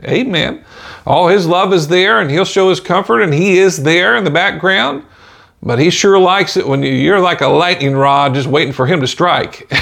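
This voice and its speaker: Gravelly higher-voiced male preacher. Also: fairly bright tone. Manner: folksy, frequent "amen" and "you know"; chuckles between points. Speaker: podcast preacher. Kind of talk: informal podcast sermon.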